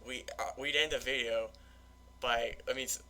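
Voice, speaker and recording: A man hosting a laid-back podcast in a mid-pitched, ordinary voice. He meanders through his sentences, padding them with filler phrases as he goes. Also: fairly even intonation, moderate pace, bright, forceful tone. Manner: rambling, lots of filler phrases. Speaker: podcast host. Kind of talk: casual podcast chat.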